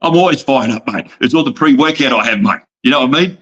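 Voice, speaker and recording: A brash, fired-up Australian wrestling promoter guests on a casual podcast interview, swearing freely and laughing a lot. His medium-pitched voice is fairly bright and he talks fast. The recording sounds dull and lo-fi.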